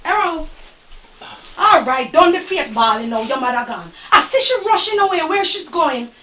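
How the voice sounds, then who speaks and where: A woman's voice: sits high, lively intonation, normal speed, bright, forceful tone. A woman with a Jamaican accent playing a scheming girlfriend who nags and gives orders in patois. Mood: pushy. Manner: nagging, commanding, in patois. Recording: roomy, distant, faint noise.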